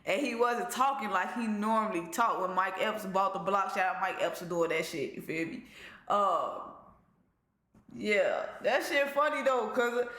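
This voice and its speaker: Bright, slangy male reaction host. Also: high-pitched, echoey room. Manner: laid-back, slangy, chatty. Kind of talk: casual commentary.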